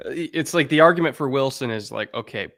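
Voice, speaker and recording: A man's voice: medium pitch, lively intonation, brisk, gravelly, a bit bright, dry recording. A man co-hosting a podcast in casual chat, talking loosely, joking and swearing now and then. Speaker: podcast co-host.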